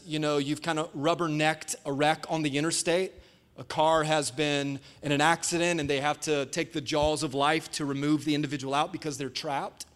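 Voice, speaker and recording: Lively pastor preaching. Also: male voice, on the high side. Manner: energetic, calls for congregation response. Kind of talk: sermon. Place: church sanctuary before a live congregation.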